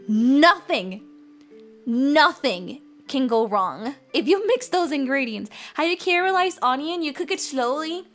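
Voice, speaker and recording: Young female streamer, bright high register, loose chatty delivery that laughs a lot, soft music underneath. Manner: chatty, giggly, rambling with frequent laughs. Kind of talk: casual cooking stream chat.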